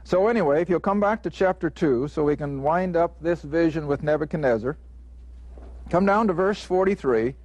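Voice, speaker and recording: A man's voice: on the high side, moderate pace, a little mellow. A man teaching a Bible lesson in a studio taping, plainspoken, earnest and emphatic.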